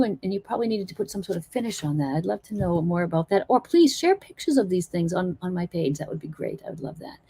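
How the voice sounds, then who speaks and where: A woman's voice: medium pitch, a little mellow. A woman teaching acrylic painting in a live stream, chatting and encouraging while she works. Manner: chatty, encouraging, thinks aloud while working.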